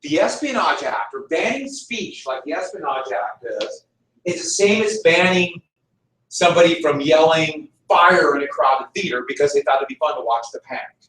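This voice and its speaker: A man's voice: a little high, lively intonation, moderate pace, fairly bright tone. A man teaching a class, making his points emphatically and repeating them. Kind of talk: classroom lecture. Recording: echoey room, mic far off.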